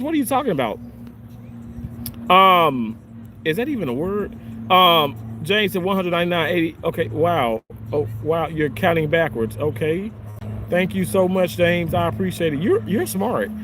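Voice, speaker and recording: A man with a high voice talks outdoors in a park, answering viewer comments on a livestream. His delivery is animated and rambling. Faint outdoor noise sits behind him. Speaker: livestream host reading chat. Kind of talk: casual livestream chat.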